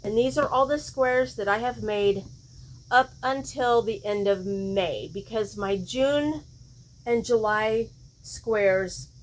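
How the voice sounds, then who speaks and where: Speaking slowly in a fairly high voice, this crochet vlogger keeps the show-and-tell chat casual. She thinks out loud as she goes, frequently second-guessing herself partway through sentences.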